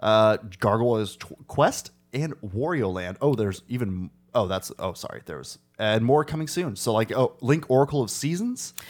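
A man co-hosting a casual gaming podcast, relaxed and teasing, reading through lists of titles with fillers. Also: medium pitch, moderate pace, hardly any pauses. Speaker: podcast co-host.

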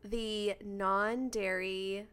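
A woman's voice: medium pitch, flat delivery, a bit bright, clean tone. Chatty, giggly young woman co-host. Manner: chatty, giggly, quick to laugh. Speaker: podcast co-host. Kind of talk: casual chat.

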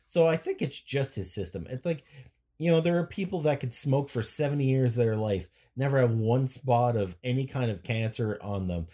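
A man's voice: mid-range voice, normal speed, dark tone. A man co-hosting a podcast, rambling through jokes and stories in casual chat, often restarting his sentences. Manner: rambling, joking, trails off and restarts. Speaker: podcast co-host.

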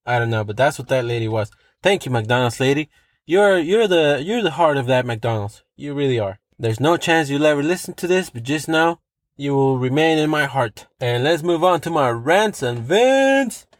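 A man's voice: mid-range voice, animated, moderate pace, no room sound, clean studio sound. A man ranting on his own, swearing freely and hammering points home by repeating them. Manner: profane, emphatic, repeats himself for effect. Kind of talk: solo rant monologue.

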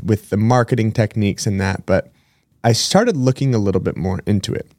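A man's voice: fairly low pitch, brisk, a little mellow, no echo, clean studio sound. A man hosting a casual podcast, chatting in a rambling way with side-tracks and self-corrections. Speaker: podcast host. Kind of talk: casual solo podcast chat.

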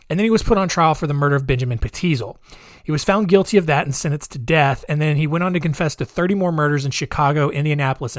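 A man's voice: a little high, no room sound. A man casually retelling a true-crime story, hesitant and wry, with many restarts. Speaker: podcast storyteller.

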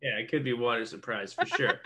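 Lively, bright-voiced podcast host man. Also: mid-range voice, fairly quick. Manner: joking and self-mocking. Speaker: podcast host who records and sends out the episodes. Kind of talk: casual podcast chat.

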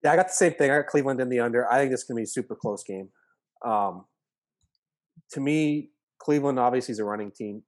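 A man joining a sports podcast as a guest, reasoning through his pick in a measured way. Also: mid-range voice. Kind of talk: casual sports talk.

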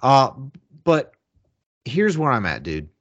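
A man's voice: medium pitch, huge pitch swings, slow, dull audio. A man in a casual sports debate, insistent and argumentative, with many fillers.

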